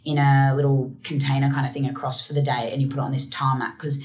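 A woman's voice: rumbling low, little pitch movement, fast talker, a little mellow. A young woman, a guest on an interview, tells stories in a laid-back way with frequent ums. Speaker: guest ultramarathon runner. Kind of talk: casual interview storytelling.

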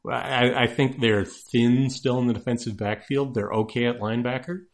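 A man chatting casually as a guest on a podcast, breaking down football in a thoughtful, halting way with dry jokes. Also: medium pitch, steady tone. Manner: analytical, hesitant restarts, dry jokes. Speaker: sports-knowledgeable guest.

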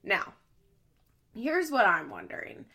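A woman's voice: medium pitch, huge pitch swings, slow, vocal fry, pushed and bright. Chatty, opinionated woman recapping. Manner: chatty, opinionated, acts out quotes in other voices. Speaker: commentator recapping a reality show. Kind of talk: casual chat.

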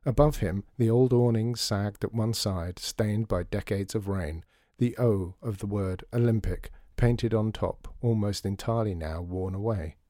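Warm-voiced man narrating a story. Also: on the low side, a little slow, no room sound, clean studio sound.

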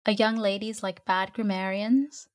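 A woman's voice: mid-range voice, fairly even intonation, measured pace, a bit bright, natural voice. A woman reading as a leering, joking shopkeeper uncle. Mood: teasing. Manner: leering, chuckling riddles. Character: teasing older male shopkeeper uncle, smug joker.

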